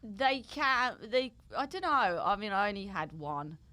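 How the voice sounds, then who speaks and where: A woman's voice: mid-range voice, big pitch swings, unhurried, pushed and bright, dry recording. A woman, a comedian guest, telling self-mocking stories in casual podcast chat and laughing often.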